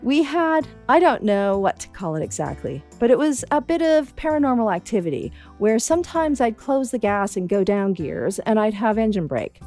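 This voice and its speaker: A woman with a Canadian accent putting on the voice of a relaxed male motorbike racer explaining a problem. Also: medium pitch, moderate pace, hardly any pauses, soft background music, lightly acted. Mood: easygoing. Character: easygoing male motorbike racer being interviewed.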